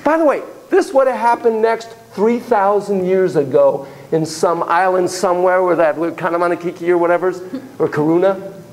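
Man, psychotherapy lecturer, high voice, theatrical classroom storytelling, gasps and whispers. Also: normal speed, faint music behind, low-quality recording. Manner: animated and theatrical, with gasps, laughs and drops to a whisper.

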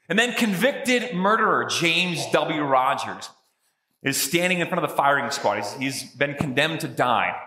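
A man's voice: a little high, animated, a little slow, bright, forceful tone. A man pastor giving a sermon in a conversational, joking storytelling way, in a church sanctuary. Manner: conversational, jokey storytelling preacher. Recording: echoey room with long reverb.

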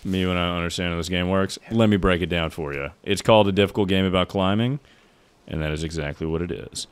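A young man with a deep, low voice talks through a hard climbing game on a live stream. He chats easily with viewers, curses a lot, and now and then yells out in frustration. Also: steady tone, quick pace, clear, resonant tone. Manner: chatty, swears, breaks into loud frustrated outbursts. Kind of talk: casual live gameplay commentary.

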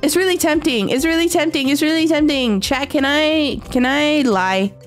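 A young woman streaming a game, chatting casually and excitably with her viewers, often giggling. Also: high-pitched, normal speed. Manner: excitable, giggly, talks to chat. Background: faint background music.

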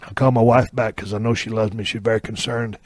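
A man hosting a podcast and telling a comic story in a profane, deadpan way. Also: fairly low pitch, quick pace, no echo. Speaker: podcast host.

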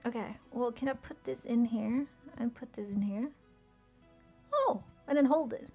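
A woman's voice: on the high side, measured pace, mellow, breathy edge, faint music behind. A woman streaming a video game, chatting with her chat and swearing when things go wrong. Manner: swears often, exclaims in frustration; chatty, reads chat aloud and answers it. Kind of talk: casual gameplay commentary.

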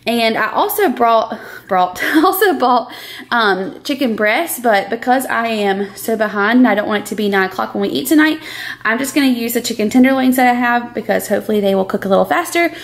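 A fast-talking young woman with a fairly high voice runs a casual cooking vlog. She chats to viewers as "y'all" while cooking at home.

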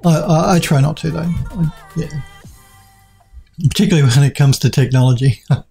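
A man's voice: on the high side, fast, vocal fry, dark tone, faint music behind. A man developing a game on a live stream, reading viewers' chat aloud and replying casually with lots of fillers and restarts, while he is losing his voice. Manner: reads out chat messages and answers them, with many fillers and restarts.

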